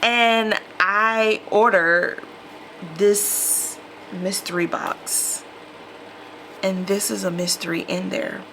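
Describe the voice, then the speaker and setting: A woman's voice: mid-range voice, steady tone, drawn-out words, fairly bright tone, slight background noise. A woman vlogger chatting casually to her viewers while unboxing a mystery box, calling them y'all. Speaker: lifestyle vlogger.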